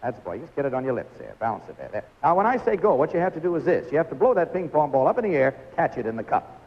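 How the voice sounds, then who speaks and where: A man's voice: a little high, very animated, very fast, highs cut off. A man hosting a live 1950s television game show, coaxing contestants through stunts with a jovial, laughing manner.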